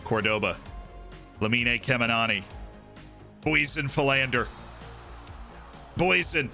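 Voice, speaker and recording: Bright-voiced man streaming a football game. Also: mid-range voice, moderate pace, soft background music. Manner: chatty, hypes his team, thinks aloud. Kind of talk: casual gameplay commentary.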